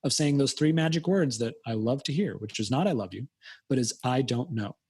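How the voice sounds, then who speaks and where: A man's voice: medium pitch, brisk, slightly rough. An American man talking as a podcast guest in a casual, long-winded way, acting out imagined quotes. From United States. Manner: animated, acts out quoted voices, long-winded. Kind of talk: casual conversational interview. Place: Fairfield County, Connecticut.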